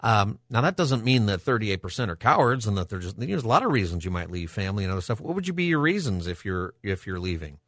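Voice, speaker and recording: A man hosting a call-in radio show, thinking aloud and halting with ums and restarts. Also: on the low side, big pitch swings, a bit bright, no room sound, studio quality.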